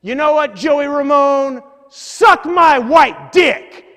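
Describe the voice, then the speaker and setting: A man voicing a loud, pushy homeless biker who yells his words out slowly. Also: very high voice, vocal fry, long reverb tail, voice pushed up, heavily acted. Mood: menacing. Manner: drawn-out yelling, pushy.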